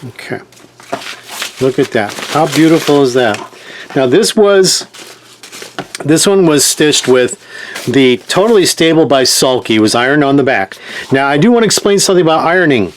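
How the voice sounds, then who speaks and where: Man, somewhat high voice, chatty sewing tutorial, talks straight to the viewers, faint background noise. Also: expressive, moderate pace, pauses often. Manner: chatty, checks in often with "okay?" and "guys". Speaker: sewing instructor. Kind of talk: hands-on demonstration tutorial.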